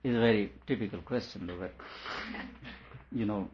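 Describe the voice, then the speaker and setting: Male teacher, low voice, reads a text and explains it, muffled recording. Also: moderate pace, a little hiss or hum. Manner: reads a passage aloud, then comments on it with small laughs. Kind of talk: reading and explaining a philosophical text.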